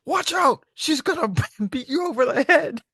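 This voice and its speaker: A man voicing panicked giant sailors who yell their alarm in a shrill voice. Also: animated, measured pace, no room sound, studio quality, full character voice. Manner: shrill, yelling.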